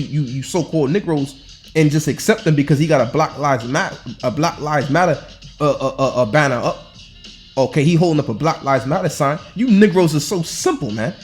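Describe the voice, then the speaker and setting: A man with a notably high voice preaches in a loose, colloquial way. He hammers each point with rhetorical questions and frequent restarts. Faint music plays behind him. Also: brisk, a little mellow. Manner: hectoring, repeats himself with rhetorical questions. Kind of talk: informal scripture-reading sermon.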